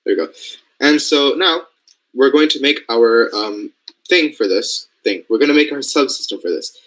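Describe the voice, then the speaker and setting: A man's voice: mid-range voice, moderate pace, a bit bright, rough recording. Casual young man teaching code. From Canada. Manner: casual, thinking aloud, checks understanding often. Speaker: robotics programming mentor. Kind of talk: screen-share coding lesson.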